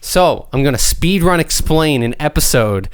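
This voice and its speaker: Give me a young man rambling excitedly through a recap, casual podcast chat. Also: a little high, moderate pace, clean tone. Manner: rambling, profane, excitable storytelling. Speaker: podcast co-host.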